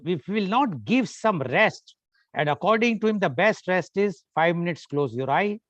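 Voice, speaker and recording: A man's voice: sits high, dry recording. A man with an Indian English accent, moderating a media conference and summarizing hesitantly. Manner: hesitant, many "uh" fillers. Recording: dull, muffled sound.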